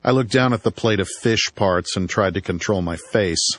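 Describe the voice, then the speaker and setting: A man's voice: on the low side, normal speed, a bit bright, no echo. A man reading an audiobook in first person, with a dry, wry storytelling manner. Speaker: audiobook narrator.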